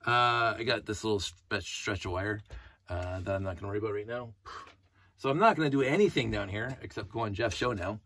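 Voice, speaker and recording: A man's voice: lowish voice, a little fast, fairly bright tone. A middle-aged man talking in a casual, rambling monologue, going off on tangents and humming to himself. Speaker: hobbyist vlogger.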